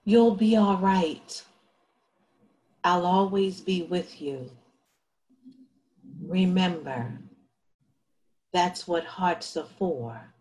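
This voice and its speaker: A woman playing the gentle ghost of a departed lover, speaking calmly and tenderly in a stage play. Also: fairly low pitch, poor audio. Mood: tender, soothing. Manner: slow, calm, ghostly and tender.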